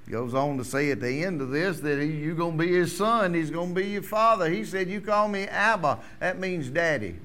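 A middle-aged pastor preaching a sermon, swinging between ringing loud declarations and hushed, almost whispered lines. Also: male voice, on the high side, brisk, hardly any pauses.

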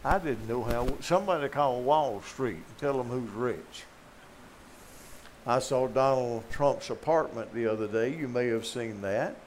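Older southern guy preaching, folksy jokes, gets loud on the big points, faint hiss behind. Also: mid-range voice, unhurried. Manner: storytelling, joking, rising to emphatic peaks. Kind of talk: folksy sermon.

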